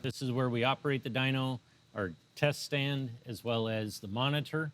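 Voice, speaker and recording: A man who manages engine production, calmly explaining a dyno test stand on a shop tour with short, plain answers. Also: mid-range voice, moderate pace, a little hiss or hum. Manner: calm, matter-of-fact, brief answers.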